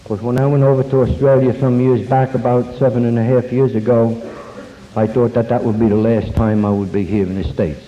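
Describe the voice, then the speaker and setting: Older man, recovery meeting talk, folksy, halting, dull old recording, echoing hall. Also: mid-range voice, fairly even intonation, dark tone. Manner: folksy, self-deprecating, halting. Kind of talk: personal story talk with jokes. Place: meeting hall before an audience. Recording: dull lo-fi tape, long hall reverb.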